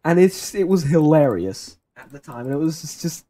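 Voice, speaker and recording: A young man chatting casually on a game stream, drifting through a long anecdote with plenty of asides. His voice sits a little on the high side for a man. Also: big pitch swings, normal speed, mellow. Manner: rambling anecdotal storytelling. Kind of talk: casual chat while gaming.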